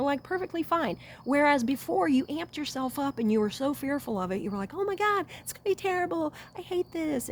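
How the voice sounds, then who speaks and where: A woman giving an earnest, animated pep talk to her viewers, calling them honey. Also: a little high, slight background noise. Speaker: self-help vlogger. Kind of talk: encouraging talk to camera.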